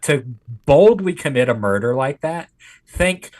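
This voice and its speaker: A man's voice: fairly high pitch, lively intonation, moderate pace. A man co-hosting a comedy podcast, blunt and ranting, with bursts of laughter. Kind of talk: casual comedy chat.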